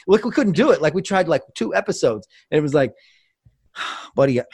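A man's voice: a little high, normal speed, husky, no room sound, clean studio sound. A man telling a funny story in casual podcast chat, acting out other people's voices. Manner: animated storyteller, acts out voices. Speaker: podcast guest.

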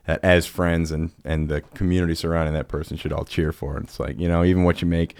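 Low-voiced male podcast host. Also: little pitch movement, quick pace, creaky, darkish tone, clean tone, dry recording. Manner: rambling, jokey, laughs often. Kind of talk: casual podcast chat.

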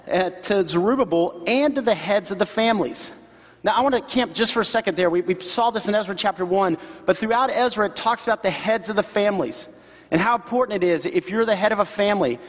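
High-voiced pastor preaching in a reverberant hall. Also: male voice. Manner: conversational preaching with emphatic slow repeats. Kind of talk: sermon. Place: church sanctuary. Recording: dull sound with long hall reverb.

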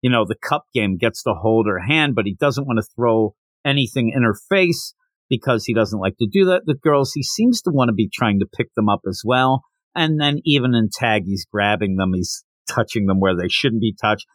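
Animated man recapping a story. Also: on the low side, moderate pace, no room sound. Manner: animated storytelling, retells dialogue, laughs. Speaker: podcast host. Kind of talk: casual manga chapter recap.

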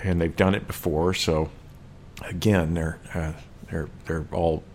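A man with a very low, deep voice talks through a film in relaxed conversation. He is thoughtful and halting, stopping often on fillers and restarting his sentences. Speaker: film discussion co-host. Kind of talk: casual conversation.

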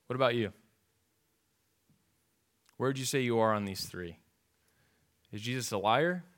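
Guy preaching a sermon, mid-pitched, casual but emphatic, lots of rhetorical questions. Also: a little slow, a bit bright. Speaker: pastor.

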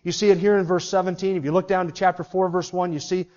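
A man's voice: high-pitched, flat delivery, fast talker, darkish tone, dull audio. A man preaching a sermon to his congregation, emphatic and putting rhetorical questions to them. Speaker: pastor.

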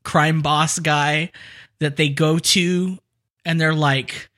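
Brief: American co-host, young adult, lively, self-mocking, higher voice. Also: male voice, slow pace. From California. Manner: laughs often, animated, self-mocking. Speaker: podcast co-host. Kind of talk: casual chat.

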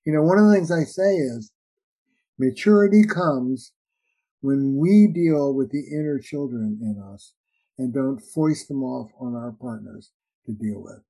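A relationship therapist and author with a mellow, medium-pitched voice gives conversational interview answers explaining relationship ideas. He's unhurried yet animated, acting out little dialogues in shifting voices, on a low-quality recording.

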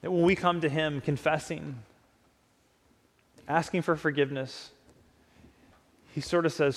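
A man gives a sermon in a casual, conversational way, often slipping into imagined dialogue. His voice sits a little higher than most men's and carries a long reverb, as in a church sanctuary. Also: steady tone, measured pace, long pauses. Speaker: pastor.

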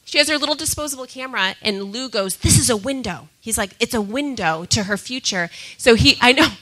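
A woman sharing a personal testimony with a group, talking in an animated way and often breaking into laughter. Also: fairly high pitch, brisk, poor audio. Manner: laughs often, excitable, repeats herself.

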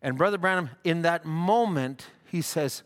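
Man, preacher, impassioned sermon, bright forceful voice, stammers and restarts, long church reverb. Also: on the high side, moderate pace. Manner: fervent, rising to shouts, stammering restarts. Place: church hall.

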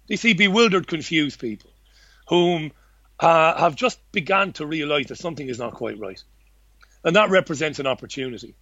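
A man's voice: a little high, fairly bright tone, dry recording. A man talking as an interview guest about his work in journalism, rambling and blunt, with many restarts and the odd swear word. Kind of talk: casual conversational interview. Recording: dull lo-fi dry recording.

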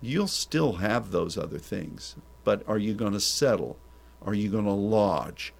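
A man's voice: on the low side, expressive, a little slow, vocal fry. A man preaching a sermon, pressing listeners with repeated rhetorical questions and restarting his words.

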